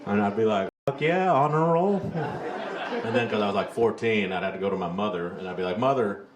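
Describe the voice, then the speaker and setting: A man's voice: fairly low pitch, little pitch movement, brisk, a crowd in the background. A man doing a crude, storytelling stand-up comedy set on a club stage, into a handheld mic, acting out the people in his stories. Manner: crude, storytelling, acts out characters. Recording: echoey club with audience noise.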